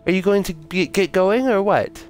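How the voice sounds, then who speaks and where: A man's voice: high voice, normal speed, faint music behind, voice pushed up, close to an everyday voice. A man voicing a brash, streetwise woman who haggles over a taxi fare in a game read-through. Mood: pushy. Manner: pushy and wheedling.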